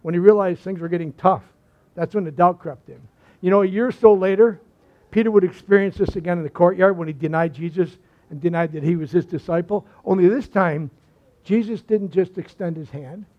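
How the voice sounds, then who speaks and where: A man with a high voice delivers a sermon as a pastor, pressing hard on key phrases and then dropping almost to a murmur. The recording sounds dull and lo-fi, with the top end muffled. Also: brisk. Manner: emphatic preaching, dropping to hushed lines.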